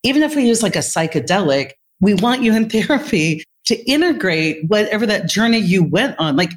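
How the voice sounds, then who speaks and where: A woman who leads in healthcare, telling a workplace story in an interview in an animated, vivid way. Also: mid-range voice, a little fast. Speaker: healthcare leader.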